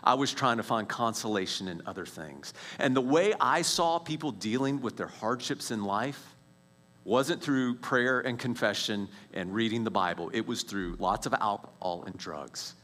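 A man in his forties sharing a personal faith testimony as a story, animated, with many restarts and quiet, hushed stretches at tense moments. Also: on the low side, moderate pace.

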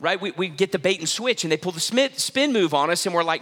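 Male preacher, high bright voice, emphatic and repetitive, church hall with long reverb. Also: animated. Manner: emphatic, repeats key phrases, quick restarts. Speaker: pastor. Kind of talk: sermon.

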